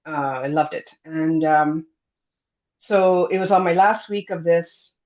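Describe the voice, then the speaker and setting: A woman's voice: sits low, slow. A middle-aged woman tells a personal story to an interviewer at an easy, casual pace. She slips into the voices of the people she quotes and leans on fillers like "you know" and "um". The recording is a bit dull and lo-fi. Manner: lively storyteller, acts out quoted dialogue, many fillers. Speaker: guest telling her near-death story. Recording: dull lo-fi sound.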